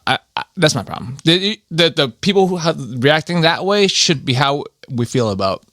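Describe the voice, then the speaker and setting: A male podcast co-host in casual chat, with lively halting speech, restarts and swearing. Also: fairly high pitch, no echo, clean studio sound.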